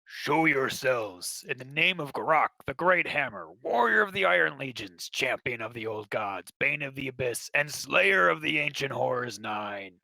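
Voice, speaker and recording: A man voicing a boastful male warrior who bellows his titles slowly and grandly. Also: medium pitch, very animated, vocal fry, bright, forceful tone, no echo, voice pushed up, exaggerated voice, low-quality recording.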